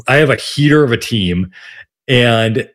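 A man holds forth on sports radio in a loose, rambling way. He circles back on himself, joking at his own expense, in a voice of ordinary middle pitch. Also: lively intonation, unhurried, fairly bright tone. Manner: rambling, self-deprecating, many restarts. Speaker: radio sports talk host. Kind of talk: casual sports radio chat.

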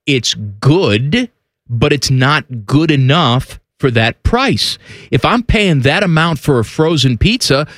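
A man's voice: a little high, animated, slow pace, fairly bright tone, dry recording, clean studio sound. Opinionated male sports talk co-host. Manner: emphatic, opinionated, mock outrage. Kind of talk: casual banter on a sports talk show.

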